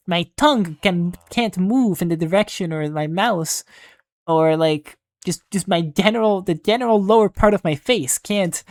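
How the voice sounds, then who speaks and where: Rambling young gaming host. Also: medium pitch. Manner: rambling and self-deprecating, heavy use of "like". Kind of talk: casual gameplay commentary.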